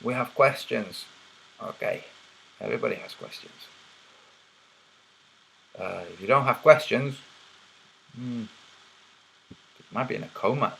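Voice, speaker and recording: A man's voice: mid-range voice, measured pace, vocal fry, long pauses, a bit bright, slight background noise, low-quality recording. A man hosting a livestream, casually reading chat and teasing viewers with a mocking, laughing manner. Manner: teasing, mocking, laughs at his own jokes.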